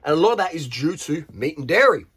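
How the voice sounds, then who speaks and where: A man's voice: fairly high pitch, sing-song, fast talker, fairly bright tone, breathy edge. An Australian man ranting bluntly to camera, swearing freely and firing rhetorical questions at his viewers. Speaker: vlogger. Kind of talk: unscripted rant to camera.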